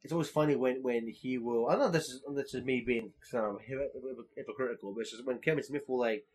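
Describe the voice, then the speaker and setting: A man's voice: mid-range voice, quick pace, a little mellow. A young man co-hosting a podcast in casual chat, rambling with lots of fillers and swearing. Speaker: podcast co-host.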